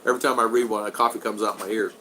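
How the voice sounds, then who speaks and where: A man in his sixties with a bright, forward voice hosts a relaxed live stream from home. He chats loosely, answers his viewers and teases his regulars. A faint hiss sits under the recording. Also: lowish voice, very fast. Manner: chatty, reads out and answers viewer comments, friendly teasing. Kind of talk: casual live-stream chat. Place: at home in the Philippines.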